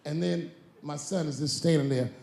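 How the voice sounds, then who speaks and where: A man's voice: on the high side, moderate pace, vocal fry, mellow. A middle-aged man performing a stand-up comedy set, telling profane stories with sudden bursts of emphasis.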